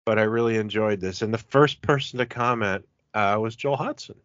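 Man, low-ish voice, casual film chat, enthusiastic and rambling, dry dull recording. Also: moderate pace, fairly bright tone, dry recording. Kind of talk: casual chat about cult films.

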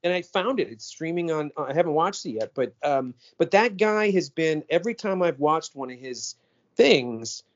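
A man with a fairly high voice joins a casual chat about cult films. His pitch swings widely as he talks in an excitable, animated way. The recording sounds dull and lo-fi. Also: normal speed.

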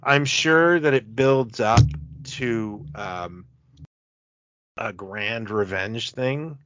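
A man's voice: mid-range voice, extremely slow, fairly bright tone, no echo. A man hosting a casual chat about cult films, telling enthusiastic, rambling stories. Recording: dull, dry lo-fi recording.

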